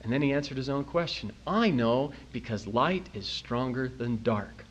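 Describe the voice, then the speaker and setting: A man's voice: medium pitch, moderate pace. A man giving a recorded church talk to an audience, telling stories and acting out the people he quotes. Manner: animated storyteller, quotes people in funny voices. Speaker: speaker at a church youth talk.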